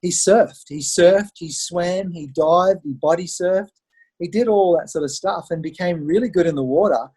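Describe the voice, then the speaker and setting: A middle-aged man with an Australian accent, his voice fairly high for a man and noticeably husky. He talks through his stories in a lively, conversational way and acts out the voices of the people in them. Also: normal speed. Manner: animated storyteller who acts out quoted voices. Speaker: podcast guest. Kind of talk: conversational interview storytelling.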